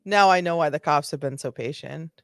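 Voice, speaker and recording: A woman's voice: low-pitched, brisk, a little hiss or hum. A young woman chatting sarcastically over bodycam footage, with many fillers. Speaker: reaction video host.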